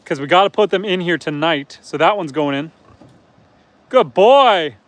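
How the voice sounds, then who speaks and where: A man's voice: fairly high pitch, a little fast, a bit bright, no echo. A man chatting casually on a live stream outdoors on his farm, explaining his chores as he works. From Canada. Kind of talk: casual live-stream chat, reading viewer comments. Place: outdoors on a farm near a truck and pigs.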